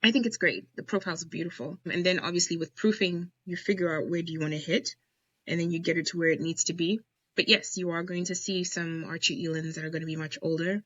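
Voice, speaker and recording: A woman's voice: on the low side, steady tone, fast, dry recording, highs cut off. A woman guest on a casual podcast interview, talking emphatically and with enthusiasm about blending whiskey. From United States.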